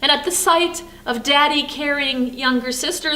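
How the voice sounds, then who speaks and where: An older woman pastor telling a personal story as a devotional sermon, animated and then soft and reflective. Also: high-pitched, normal speed, few pauses.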